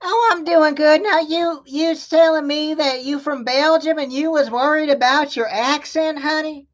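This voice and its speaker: High folksy woman calling everyone honey. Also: lo-fi sound. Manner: folksy, calls people honey, drawn-out questions. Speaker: scam-baiter co-host. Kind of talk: playing along on a live call.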